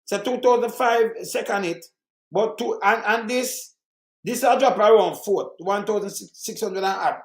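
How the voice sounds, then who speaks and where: A man with a Jamaican accent hosting an angry political rant, reading out statistics, heated and repetitive, cursing and bursting into shouts. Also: sits high, unhurried, echoey room. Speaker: channel host commenting on murder statistics.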